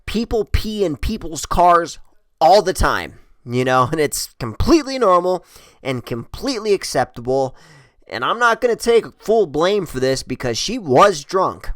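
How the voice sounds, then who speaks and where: A man's voice: a little high, very animated, measured pace, no echo, clean studio sound. A man telling a wild personal story in casual, rambling style, swearing constantly and chuckling at himself.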